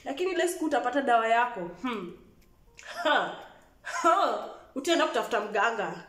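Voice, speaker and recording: A woman telling a storytime vlog, animated and laughing as she talks. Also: on the high side, fairly quick. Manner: animated, laughing, switching between English and Swahili. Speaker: vlogger. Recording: echoey room.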